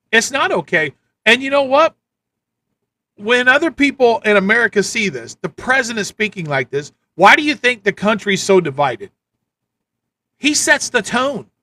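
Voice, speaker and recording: A man running a live stream with a high, bright voice. He rants blunt political commentary, repeating his points. The delivery is casual and hard-hitting. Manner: ranting, repetitive, blunt. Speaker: livestream host.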